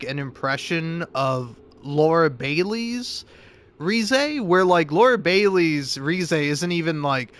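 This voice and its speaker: A man's voice: fairly high pitch, fairly bright tone. A man giving casual, rambling commentary on a video game as he plays, full of restarts and fillers. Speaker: let's play streamer. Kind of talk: gameplay commentary and narration.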